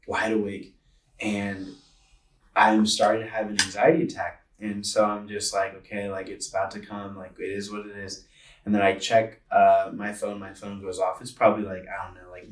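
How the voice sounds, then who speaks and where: A young man in his twenties shares a long personal story on a podcast, speaking earnestly and rambling through plenty of filler words. His voice sits low and stays flat, and he sounds set back from the mic in a roomy space. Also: recorded from a distance. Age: 20s. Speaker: podcast co-host.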